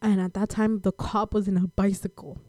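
Mellow young woman telling a slangy story. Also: medium pitch, level tone, fairly quick, no room sound, studio quality. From United States. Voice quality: slangy, laid-back storytelling with lots of fillers. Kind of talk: casual chat.

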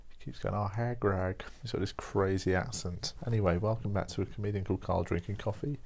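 A young man with a deep, gravelly, low voice talks fast and steadily, sounding weary as he wanders through a casual solo chat. His wry, self-deprecating style resembles a podcast host musing aloud, with slight background noise present.

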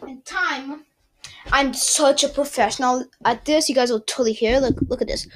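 A woman's voice: high voice, moderate pace, background noise. A young woman chatting casually to her viewers, rambling and giggling as she stumbles over words. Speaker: vlogger.

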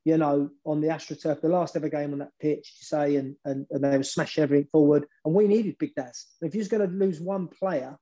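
A man with a dark, mellow voice that sits a little high, telling football stories as a guest. He talks in an animated way and often repeats words while he builds up a point. The sound is dull and lo-fi. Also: brisk, hardly any pauses. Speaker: former football manager, guest. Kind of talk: storytelling interview.

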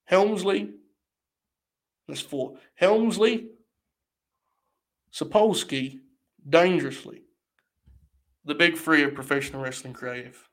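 A man's voice: medium pitch, moderate pace, pauses often, a bit bright. A young man hosting a live watch-along stream, talking in a mock-grandiose, rambling way full of swearing.

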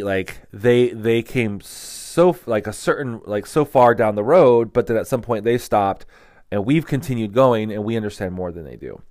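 A man's voice: fairly low pitch, no room sound. Brief: man in a dry, close room, candid storytelling teacher, keeps restarting. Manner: rambling, many "like" fillers and restarts. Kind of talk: casual teaching talk.

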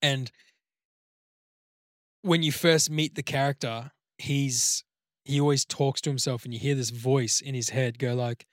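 A man chats on a podcast in an animated way, swears freely, and acts out bits of his own story idea. His voice sits mid-range, and the sound is dry and close. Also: mid-range voice, unhurried, long pauses, dry recording. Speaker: podcast co-host. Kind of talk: casual chat.

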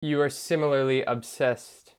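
A podcast co-host in casual chat, teasing the other host with quick, dry comebacks. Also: mid-range voice, fairly even intonation, clean tone.

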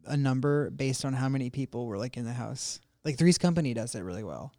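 A man co-hosting a casual podcast, animated and laughing as he acts out other people. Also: mid-range voice, brisk, no room sound, clean studio sound. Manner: laughs often mid-sentence. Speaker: podcast co-host. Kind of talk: casual chat.

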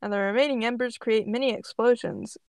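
A woman's voice: a little high, fairly quick, a little mellow, no echo. A young woman co-hosting a podcast. She reads the story aloud, teases her co-host and laughs often. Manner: teasing, incredulous, laughs often.

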